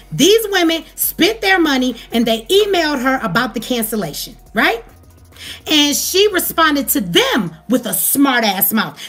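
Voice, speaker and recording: A woman's voice: high-pitched, fairly bright tone. A woman with an African American English accent giving a profane, heated commentary rant straight to her viewers. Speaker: commentary vlogger. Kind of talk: ranting commentary.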